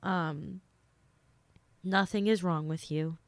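Speaking slowly in a steady tone, this podcast host has a voice on the low side and a dry recording with no room sound. She's a young woman, a little sick, working through listener questions with earnest, filler-heavy casual advice.

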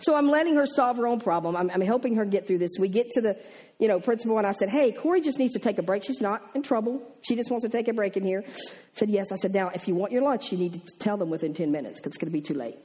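Southern woman telling lively stories. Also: mid-range voice, fast. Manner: animated, acts out the people in her stories. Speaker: pastor's wife and teacher. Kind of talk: storytelling in a church talk.

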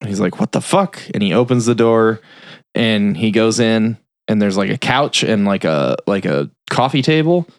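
A man's voice: lowish voice, lively intonation, normal speed, dry recording, studio quality. A man casually retelling a film's plot on a review podcast, rambling and swearing with many fillers. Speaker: film review podcast host. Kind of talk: casual chat.

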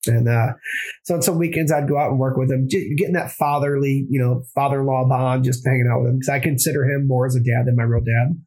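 A husky-voiced man tells his story at a rapid clip, circling back and correcting himself as he goes. He is a plumber and former Marine chatting casually in an interview. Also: medium pitch, steady tone, darkish tone, low-quality recording. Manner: rambling, with restarts and self-corrections.

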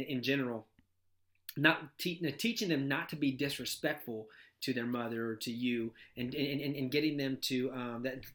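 A man chatting casually about parenting, animated and quick to stammer over repeated words. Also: medium pitch.

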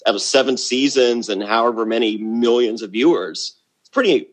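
In a relaxed interview chat, a podcast guest who once competed on a reality show talks at a normal speed with a medium-pitched voice. The middle-aged man is boastful and blunt, frequently doubling up on words at the start of a thought.

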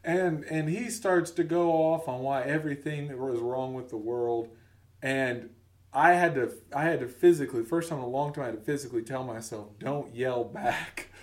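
Guy in his 30s riffing a funny work story on a podcast, jumps into silly voices, medium pitch. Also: normal speed, echoey room, far from the mic. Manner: animated, acts out voices in his stories. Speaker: podcast co-host. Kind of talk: casual comedic storytelling.

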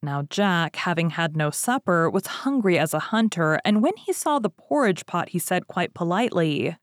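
Expressive woman reading a fairy tale. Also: fairly low pitch, normal speed, few pauses, no echo, studio quality. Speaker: storyteller. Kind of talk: storybook reading.

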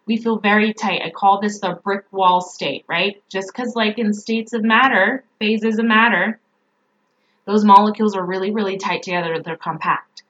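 A woman's voice: a little high, fairly bright tone, highs cut off. A woman mindset coach giving a motivational talk, repeating emphatic affirmations.

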